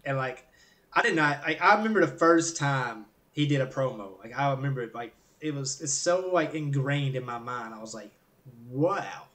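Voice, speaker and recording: A man's voice: mid-range voice, expressive, fairly quick, fairly bright tone, distant mic. A young man co-hosting a podcast, talking casually and enthusiastically, rambling with fillers. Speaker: podcast co-host. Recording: voice set back from the mic.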